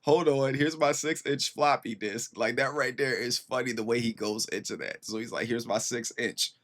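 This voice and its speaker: A man in his thirties giving casual reaction commentary as host, excitable and slangy, swearing freely and talking straight to his viewers. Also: medium pitch, normal speed.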